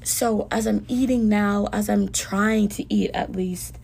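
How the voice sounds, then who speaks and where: A young woman with a mid-range, creaky and husky voice speaks unhurriedly with fairly even intonation. Hosting a podcast, she delivers an earnest, emotional personal monologue, heartfelt self-talk with soft dips.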